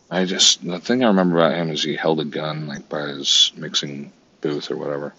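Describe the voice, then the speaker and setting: A man's voice: rumbling low, steady tone, a little fast, few pauses, pushed and bright, slightly rough, lo-fi sound. A man giving casual, swearing commentary to himself while browsing online, exasperated and talking under his breath.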